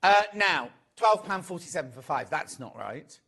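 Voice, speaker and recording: Male shopping-TV host, slightly high voice, jokey and off-the-cuff. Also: very animated, moderate pace, creaky, pushed and bright, breathy edge. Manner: chatty, jokey, stumbles over prices and names. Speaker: shopping channel presenter. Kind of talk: live TV selling chat.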